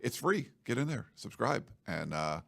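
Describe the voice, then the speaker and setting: A man's voice: mid-range voice, very animated, normal speed, vocal fry, fairly bright tone. A man hosting a studio podcast, chatting in a loose, rambling, joking way. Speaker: podcast host. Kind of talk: casual chat.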